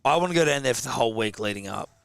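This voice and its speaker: Bright, fast Australian host. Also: male voice, mid-range voice, vocal fry, smooth, no room sound. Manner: excitable, swearing banter. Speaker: host of a rugby league show. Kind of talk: casual chat.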